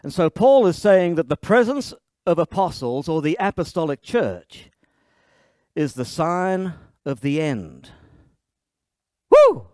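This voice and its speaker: A man preaching a sermon as pastor, explaining lively and playfully, often restarting his sentences. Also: fairly high pitch, measured pace, smooth, no room sound, clean studio sound.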